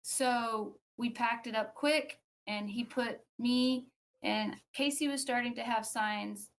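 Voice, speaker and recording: A woman with a somewhat high voice, speaking slowly, shares a personal story as a podcast guest. Her telling is loose, conversational, and animated, full of fillers and restarts, and she acts out what other people said.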